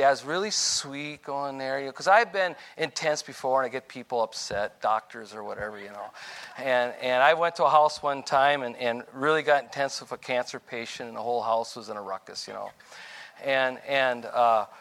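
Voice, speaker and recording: Older man preaching with a bright voice. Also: fairly high pitch. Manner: rambling, self-correcting storyteller with chuckles. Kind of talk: informal testimony sermon.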